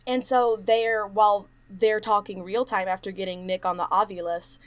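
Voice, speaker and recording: A woman telling a ghost story to her co-host in easy, casual podcast chat. She leans on fillers like "like" and "um" and acts out what other people said. Her pitch sits in the middle for a woman. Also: normal speed, hardly any pauses. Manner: animated retelling, acts out quotes, many fillers.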